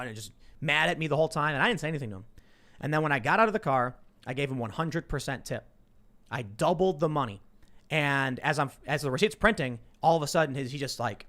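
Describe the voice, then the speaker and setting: Fast-talking animated male storyteller. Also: a little high. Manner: animated storyteller acting out quoted people. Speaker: podcast host. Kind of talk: casual chat, storytelling.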